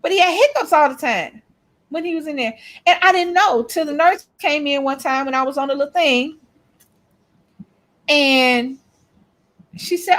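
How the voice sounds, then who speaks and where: High-voiced woman chatting emphatically. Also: normal speed, long pauses, a bit bright. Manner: storytelling, emphatic, lectures trolls. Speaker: co-host. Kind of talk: casual chat.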